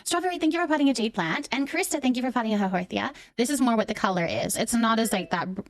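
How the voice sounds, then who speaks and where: A woman's voice: a little high, lively intonation, quick pace, no room sound. A young woman live streaming a game, chatting affectionately with viewers and thanking them by name. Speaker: livestreamer reading out viewer chat. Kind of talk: casual live stream chat while gaming.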